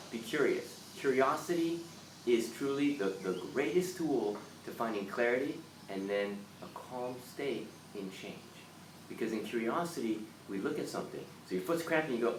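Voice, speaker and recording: A man hosting a live motivational talk, earnest and animated, now and then acting out panicked voices. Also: mid-range voice, a little fast. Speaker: live stream host. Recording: roomy, from a distance, faint background noise.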